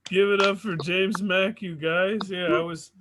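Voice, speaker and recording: A man's voice: high voice, steady tone, measured pace, noisy background. A man hosting a comedy show, introducing acts in a loose, profane way and laughing between lines. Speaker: emcee host.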